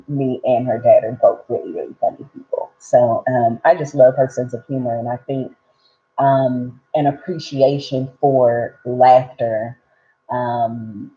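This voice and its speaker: A woman's voice: very deep voice, a little mellow. A woman hosting a live gratitude session, chatting casually and rambling with lots of fillers. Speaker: host of a live gratitude practice. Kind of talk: casual live-stream chat. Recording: dull lo-fi sound.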